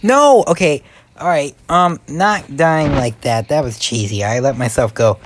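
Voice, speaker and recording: A young man giving excitable let's-play commentary, yelping and muttering to himself as he plays. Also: medium pitch, unhurried, slight background noise. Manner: excitable, yelps and mutters to himself while playing. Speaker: gaming YouTuber.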